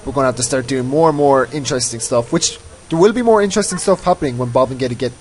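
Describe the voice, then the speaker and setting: A man's voice: medium pitch, fast, hardly any pauses, low-quality recording. A man giving casual, rambling commentary over his own gameplay, often mocking himself. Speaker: let's play host.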